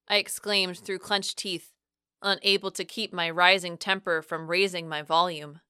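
A young adult woman reads a first-person audiobook with expressive shifts in pitch and loudness. Her voice is bright, crisp and smooth. The sound is dry and close. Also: normal speed, no room sound. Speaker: audiobook narrator.

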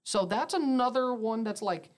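A man hosting a casual sports podcast, steering the talk with halting restarts. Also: extremely high pitch, lively intonation. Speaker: podcast host.

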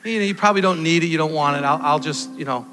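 A man's voice: on the high side, quick pace, bright, forceful tone. A man doing a casual, generous neighbor. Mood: offhand. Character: friendly generous adult male neighbor. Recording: long reverb, faint music.

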